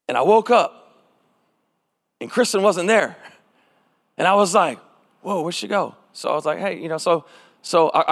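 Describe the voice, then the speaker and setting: A pastor with a high voice preaches to his congregation, drifting into a personal story and calling for shouted responses. His voice rings with the long reverb of a large church hall. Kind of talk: sermon.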